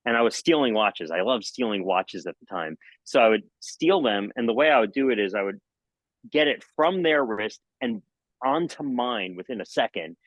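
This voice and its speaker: A middle-aged man, a magician, telling jokey stories in a podcast interview and acting out scenes with sudden high exclamations. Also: animated, normal speed, a bit bright, no echo, poor audio. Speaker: magician and mentalist guest. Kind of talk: animated storytelling in a podcast interview.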